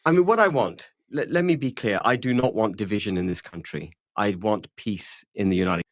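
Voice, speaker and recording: A man's voice: on the low side, animated, brisk, no echo, clean studio sound. A man, interviewed as a politician, arguing firmly and repeating key phrases for emphasis. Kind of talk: measured political argument.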